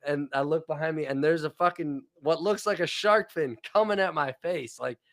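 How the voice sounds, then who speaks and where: A man's voice: fairly high pitch, moderate pace, a bit bright. A young man co-hosting a podcast in casual chat, laid-back and crude, telling stories between laughs. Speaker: podcast co-host.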